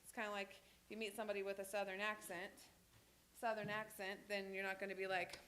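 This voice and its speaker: A woman's voice: mid-range voice, level tone, quick pace, fairly bright tone, slight background noise. A woman teaching a sign language class in a church classroom, talking casually with many fillers and restarts.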